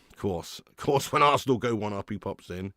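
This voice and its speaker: Chatty gravelly-voiced man hosting a match stream. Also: on the low side, fairly bright tone, dry recording. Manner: chatty, reads out viewer comments. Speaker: watch-along stream host. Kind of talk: live football commentary and chat.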